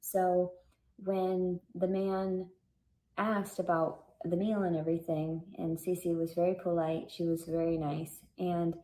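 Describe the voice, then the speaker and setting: A woman's voice: on the low side, little pitch movement, takes it slowly, mellow, rough recording. A woman telling a long personal story in a casual vlog, earnest and religious, rambling off track with many fillers and restarts. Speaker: vlogger.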